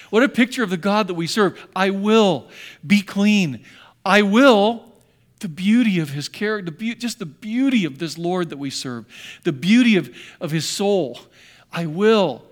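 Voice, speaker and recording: A male pastor preaching a sermon with fervor, repeating phrases and acting out the quotes he reads. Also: high-pitched.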